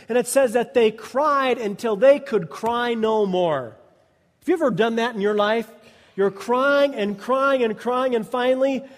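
A man's voice: very high-pitched, a little mellow. A male pastor preaching a sermon, emphatic and repetitive, calling out to the congregation and asking them to respond. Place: church sanctuary. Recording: long reverb of a large hall.

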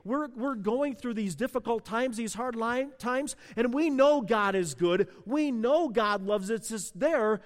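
A man with a notably high voice preaches from the pulpit. He talks with passion, sinking low and quiet before surging loud. His words ring out with a long church-hall reverb. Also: animated, a little slow, few pauses. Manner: passionate, swings from hushed to loud. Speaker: pastor. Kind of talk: sermon.

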